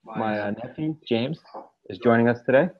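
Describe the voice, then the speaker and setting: A man's voice: mid-range voice, moderate pace, phone-quality sound. A man co-hosting a podcast over a video call, laid-back and rambling with lots of fillers. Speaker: podcast co-host. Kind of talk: casual podcast chat.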